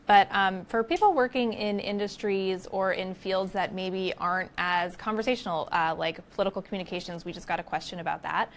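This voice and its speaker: A woman's voice: mid-range voice, brisk, few pauses. Woman host, easygoing moderator, faint hum behind her. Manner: relaxed, conversational questioning. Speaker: webinar moderator. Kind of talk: moderating a webinar Q&A.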